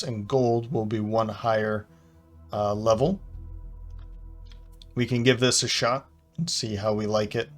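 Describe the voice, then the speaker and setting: A man playing a video game and talking through his choices, hesitant and full of small restarts and fillers. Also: medium pitch. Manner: hesitant, fills pauses with "uh". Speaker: game commentator. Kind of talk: thinking-aloud gameplay commentary.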